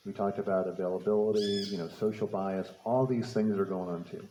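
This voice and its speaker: Low, mellow-voiced man telling a story. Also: steady tone, brisk, reverberant, a little hiss or hum, low-quality recording. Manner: storytelling, repeats words, laughs at own story. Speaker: speaker. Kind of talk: public talk with personal story. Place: talk venue.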